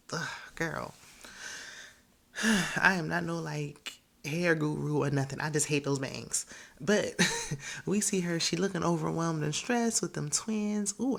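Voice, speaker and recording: A woman's voice: sits low, gravelly. A woman hosting a reality TV recap, chatting casually and gossiping with frequent laughs. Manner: gossipy, animated, laughs often, quotes people in voices.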